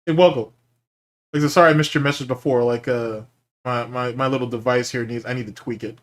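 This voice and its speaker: A male podcast host talking in loose, casual chat, swearing freely as he reacts to viewer comments. His voice sits at an ordinary middle pitch. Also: fairly even intonation, a little fast. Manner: profane, loose and chatty, bursts into laughter.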